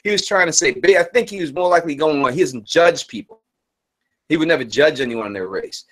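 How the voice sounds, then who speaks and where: A man's voice: fairly high pitch, animated, fairly quick, fairly bright tone. A man hosting a live stream Q&A, talking earnestly, repeating points and restarting sentences as he explains his view. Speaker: channel host.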